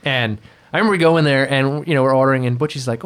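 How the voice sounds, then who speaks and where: A man in the middle of a casual chat, spinning loose, winding anecdotes. His delivery is animated, with lots of fillers and restarts, and he breaks into quick voices when he quotes people. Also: mid-range voice, smooth. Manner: rambling, animated storyteller who acts out quoted people. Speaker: podcast guest telling stories.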